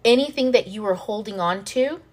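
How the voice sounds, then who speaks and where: A woman hosting a self-help video, explaining ideas in a frank, animated way, swearing freely and acting out panicked inner voices. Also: mid-range voice, moderate pace. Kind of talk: casual teaching monologue to camera.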